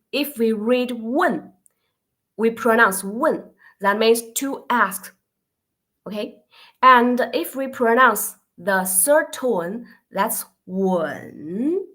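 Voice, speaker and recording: Woman teacher, Mandarin native, very slow, patient, bright fairly high voice, drills sounds. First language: Mandarin Chinese. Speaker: Chinese teacher. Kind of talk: live online beginner lesson.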